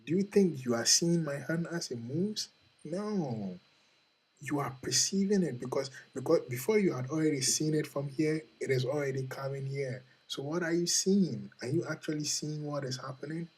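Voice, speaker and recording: Husky-voiced man giving earnest motivational talk. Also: mid-range voice, rough recording. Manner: earnest, repetitive, questioning the listener. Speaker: host.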